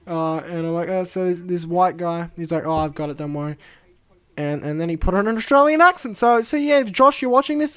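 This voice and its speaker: A young man giving a casual, rambling video commentary, self-deprecating and full of fillers, swinging between mumbling asides and excited bursts. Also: high voice, a little fast. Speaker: video creator.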